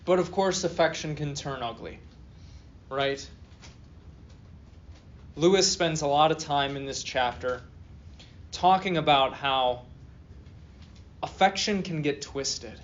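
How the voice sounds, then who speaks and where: A man's voice: on the high side, slow pace, pauses often, dull audio, slight background noise. A male philosophy professor giving a classroom lecture, reading a text aloud and then joking with students and asking them questions. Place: university classroom.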